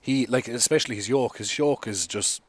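A man's voice: mid-range voice, normal speed, slightly rough, dry recording. An Irish man chatting as a podcast guest, telling rambling anecdotes, laughing often and swearing freely. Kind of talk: casual podcast chat.

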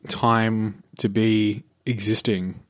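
A man's voice: on the low side, level tone, slow, no echo, studio quality. A young man co-hosting a podcast, laid-back and joking, often giving short replies. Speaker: podcast co-host. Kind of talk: casual podcast chat.

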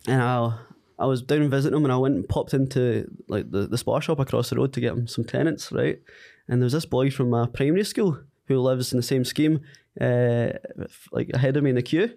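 A man's voice: mid-range voice, a little fast, creaky. A man from Scotland with a Scottish accent, a podcast guest telling a story in casual chat and acting out what people said. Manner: animated anecdote teller, quotes others.

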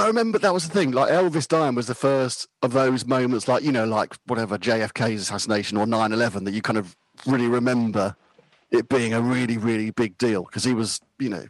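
A man's voice: mid-range voice, no room sound, rough recording. A man in his fifties chatting casually about music, rambling and self-deprecating, laughing easily. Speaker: podcast guest.

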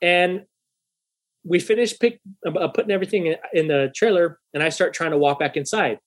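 Animated, profane storytelling guy. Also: a little high, moderate pace. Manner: animated, profane, acts out quoted voices. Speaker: podcast host. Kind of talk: casual storytelling chat.

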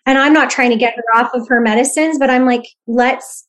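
A woman's voice: on the high side, fairly even intonation, quick pace, a bit bright. A woman, a mother of four, talking earnestly as a guest on a podcast, explaining her practice and reflecting back to the host. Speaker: human design guide, podcast guest. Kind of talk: podcast conversation.

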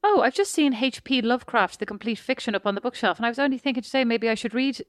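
A woman chatting with her sister on a podcast. She is self-mocking and laughs often. Her voice sits a little high and sounds dry and close to the mic. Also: lively intonation, fast, no echo. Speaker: podcast co-host. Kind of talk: casual chat between sisters.

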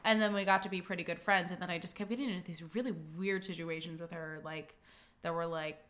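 A woman's voice: lowish voice, steady tone, fairly bright tone, slight background noise. Woman, casual podcast chat, filler-heavy, laughing often. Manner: chatty, many likes, quick laughs.

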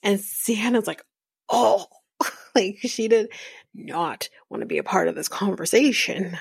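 Chatty woman with a gravelly voice. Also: medium pitch, measured pace, no echo, clean studio sound. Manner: chatty and rambling, with fillers and soft laughs. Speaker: podcast host. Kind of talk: casual reality-show recap.

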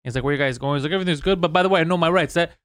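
A man co-hosting a casual podcast, telling stories quickly and acting out the people he quotes. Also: on the high side, a bit bright, smooth, no echo, studio quality. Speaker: podcast co-host.

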